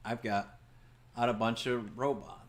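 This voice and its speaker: A man's voice: medium pitch, steady tone, measured pace. A man doing casual let's-play commentary, joking wryly and sarcastically while he plays. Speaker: gameplay commentator.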